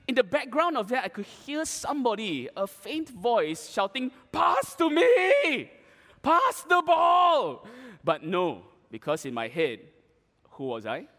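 A man preaching to an audience, telling an animated, dramatic story with playful asides. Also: high voice, in a large hall. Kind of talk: storytelling sermon.

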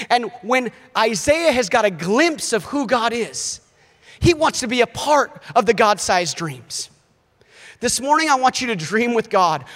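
A man in his thirties, a missionary preaching a sermon in an animated way, acting out voices. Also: very high-pitched, in a large hall. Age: 30s. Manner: animated, acts out quoted voices.

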